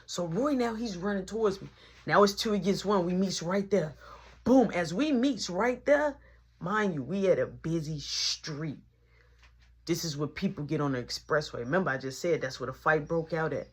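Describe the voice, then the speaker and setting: A woman telling a story in a casual storytime monologue, animated and full of sound effects. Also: normal speed, breathy edge. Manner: animated, punctuates with sound effects like boom and boop.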